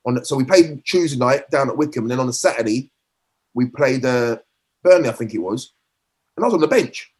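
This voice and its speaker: A middle-aged man talks quickly, telling a long stretch of football stories. His pitch sits in the middle of the male range. He keeps restarting his sentences and slips into voicing the people he quotes. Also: animated, a little mellow. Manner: rambling anecdotes with frequent restarts and acted quotes. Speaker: former footballer guest. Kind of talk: storytelling in a podcast interview.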